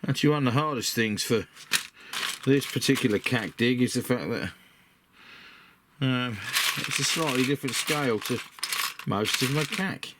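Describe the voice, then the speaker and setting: With a medium pitch, a moderate pace and long pauses, a middle-aged British man chats and rambles self-deprecatingly as he sorts workshop parts. It's a casual hobby vlog from a miniature model builder, captured in a noisy recording with clicks.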